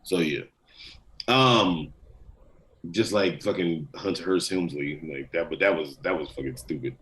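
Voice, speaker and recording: A young man co-hosting a casual wrestling podcast, profane and animated, laughing often. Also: low-pitched, a little slow, low-quality recording. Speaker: podcast co-host. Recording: faint background noise.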